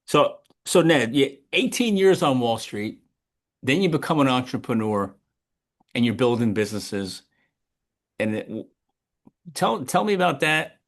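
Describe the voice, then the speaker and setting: A man's voice: medium pitch, very animated, a little slow, pauses often. A man hosting a podcast, asking questions and encouraging his guest with frequent short agreement. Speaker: podcast host. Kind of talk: casual interview.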